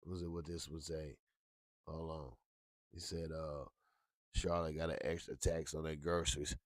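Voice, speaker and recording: A man hosting a casual talk show, ranting with lots of profanity and animated swings into high yelps. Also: moderate pace, dry recording, studio quality. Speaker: show host.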